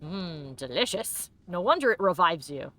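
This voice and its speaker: A woman's voice: on the low side, big pitch swings, normal speed, sharp tone, a little hiss or hum. A woman hosting a let's play, chatting casually and playfully about the game, often giggling and reading chat aloud. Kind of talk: casual gameplay commentary.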